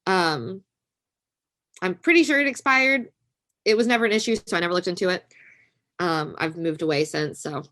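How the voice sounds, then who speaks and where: A woman in her twenties, guesting on a podcast interview, talks candidly and chattily about her own experiences. Her lowish voice has a fairly bright tone, moving at a moderate pace with long pauses.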